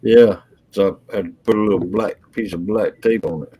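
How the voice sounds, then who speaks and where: A man's voice: on the low side, steady tone, fairly quick, dark tone, slightly rough, muffled recording. A man chatting on a livestream video call, joking and messing with the others. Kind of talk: casual livestream chat.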